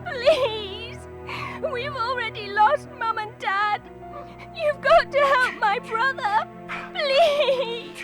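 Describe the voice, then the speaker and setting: A frightened little girl from a video game, begging for help in a very high, piping voice. She speaks slowly and draws out her pleas, with faint music running under her lines. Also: fairly bright tone, full character voice. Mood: pleading. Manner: pleading, drawn-out. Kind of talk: video game cutscene voice acting.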